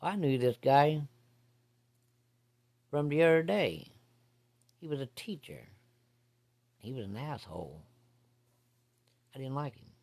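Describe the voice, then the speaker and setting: A man's voice: mid-range voice, animated, takes it slowly, vocal fry, pauses often, a little mellow. A man casually telling a story from his own life in a blunt, folksy, profane way. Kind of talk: casual first-person storytelling.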